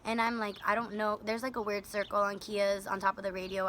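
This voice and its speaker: A young woman telling a rideshare story in a casual vlog, animated and profane, acting out her own and her passenger's lines. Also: mid-range voice, fairly quick, a little hiss or hum.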